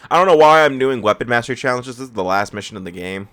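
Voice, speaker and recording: A man's voice: medium pitch, expressive, fast, fairly bright tone. A tired man just out of bed, rambling and stammering through casual gameplay commentary as a let's play host. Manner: rambling, self-deprecating, stammers and laughs.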